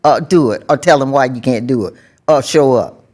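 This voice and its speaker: A woman's voice: very deep voice, moderate pace, a little mellow. An older woman speaking as a guest in casual conversation, plainspoken and folksy, giving firm advice. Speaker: guest, host's mother.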